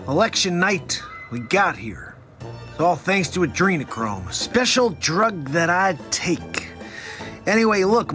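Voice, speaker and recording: A man's voice: high-pitched, a bit bright. A man doing a comedic impression of an elderly male president who rambles through a victory speech with meandering asides.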